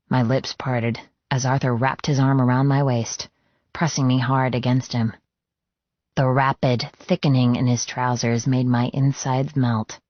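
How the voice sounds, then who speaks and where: A man giving a measured, even and intimate scripted audiobook narration. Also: medium pitch, no room sound. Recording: dull, lo-fi dry studio read.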